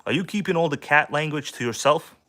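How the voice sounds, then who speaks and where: A man's voice: on the high side, a little fast, pushed and bright. A man hosting a casual hobby livestream from home, talking loosely and joking with viewers. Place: at home, kitchen table.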